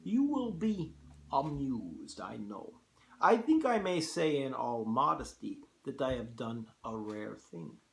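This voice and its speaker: Cultured Russian aristocrat-hunter, slow and menacing with lively pitch swings, put on by a male reader. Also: creaky, heavily acted. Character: suave aristocratic Russian hunter general, older man.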